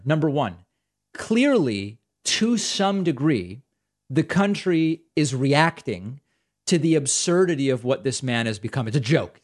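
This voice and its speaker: A man's voice: mid-range voice, darkish tone. A man hosting a political talk show, delivering sarcastic, incredulous commentary.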